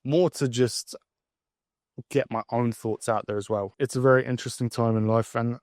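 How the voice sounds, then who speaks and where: A man's voice: medium pitch, fairly even intonation, moderate pace, a little mellow, no echo, studio quality. A man in his twenties talking candidly to camera in a reflective personal monologue, rambling with fillers and restarts. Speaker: vlogger.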